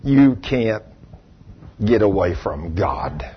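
Husky older preacher, animated sermon. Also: male voice, fairly low pitch, slow. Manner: animated storytelling, acting out voices. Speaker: pastor. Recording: dull lo-fi recording.

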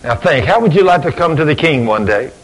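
A man's voice: on the high side, lively intonation, brisk, rough recording. A man preaching a sermon in a folksy storytelling way, acting out conversations. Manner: folksy, acts out both sides of conversations. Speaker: preacher and deacon.

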